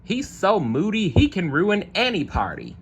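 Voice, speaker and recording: A man's voice: high voice, wildly swooping pitch, unhurried, slight background noise, pitched above the performer's own voice, heavily acted. A man voicing a grumpy alligator in a read-aloud storybook, grumbling and blaming others in a raised voice. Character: grumpy complaining alligator at a party.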